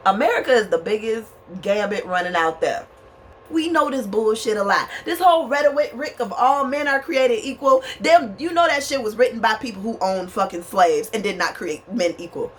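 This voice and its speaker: Her fairly high voice moves with lively intonation at normal speed as the vlogger, a woman in a small bedroom with a running fan, rants to camera. She is furious, foul-mouthed and emphatic, addressing viewers as y'all.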